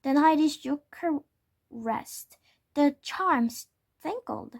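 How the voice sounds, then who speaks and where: A woman reading a children's storybook aloud, careful and steady, now and then correcting a word. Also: sits high, takes it slowly. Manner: careful, with small self-corrections. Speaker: storybook reader. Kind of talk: children's book read-aloud.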